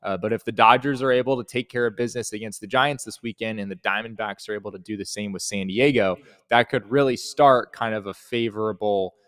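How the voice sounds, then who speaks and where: A man guests on a sports podcast with a fairly low voice. He works through his points in a measured, analytical way, filling the gaps with "uh." The recording is dry and close. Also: fairly even intonation, fairly bright tone, no room sound. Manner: measured, analytical, many filler "uh"s.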